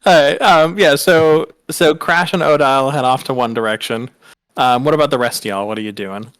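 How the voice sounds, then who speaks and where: A man's voice: medium pitch, a little fast, fairly bright tone, smooth, no echo. A man running a tabletop game, easygoing, asking players what they do. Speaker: game master.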